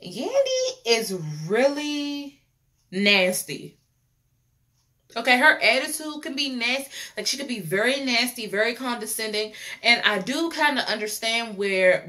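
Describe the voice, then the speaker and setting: A woman's voice: fairly high pitch, pushed and bright. A young woman reviews a reality show in casual, opinionated chat, repeating phrases and laughing often.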